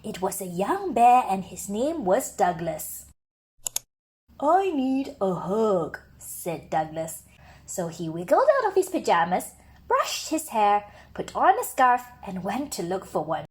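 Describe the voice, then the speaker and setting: A woman's voice: medium pitch, big pitch swings, a little slow, a little mellow. Sing-song woman reading a storybook. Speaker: storybook reader. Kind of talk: children's storybook read-aloud.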